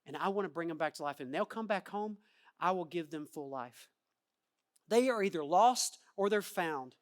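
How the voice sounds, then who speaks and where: Animated male pastor preaching. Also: high voice, moderate pace. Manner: animated, acts out quoted voices, swings from loud to quiet. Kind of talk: sermon. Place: church.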